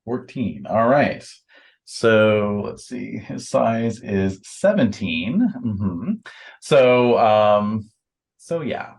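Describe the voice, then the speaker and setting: A man narrating as game master of a tabletop game, unhurried, with many fillers and restarts. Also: fairly low pitch, lively intonation, creaky.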